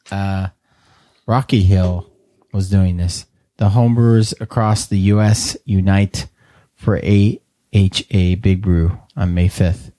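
A man hosting a podcast in casual chat, relaxed and chatty, often laughing. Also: fairly low pitch. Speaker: podcast host.

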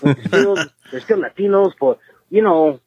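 A man putting on a high slangy barrio dude with a Chicano accent. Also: lively intonation, normal speed, highs cut off, crowd noise. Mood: laid-back. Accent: Chicano English. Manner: exaggerated put-on drawl, slangy and rambling. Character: swaggering Mexican-American barrio guy, joking and laid-back. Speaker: voicemail caller.

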